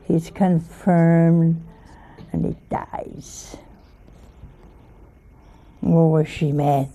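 A woman's voice: low-pitched, fairly even intonation, very slow, warm tone. A woman giving an informal sermon, folksy and full of anecdotes, often checking in with her listeners with questions. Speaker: preacher.

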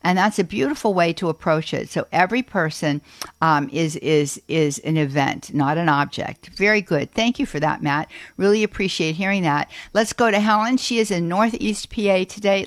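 A woman hosting a Catholic call-in radio show, chatty and quick to affirm her callers. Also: lowish voice, no room sound.

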